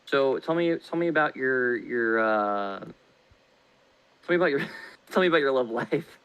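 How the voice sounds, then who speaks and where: A man joins in the banter on a casual livestream. He keeps throwing out joking, teasing questions in a middle-pitched, everyday voice. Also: lively intonation, moderate pace, a bit bright, clean tone, rough recording. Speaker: co-streamer.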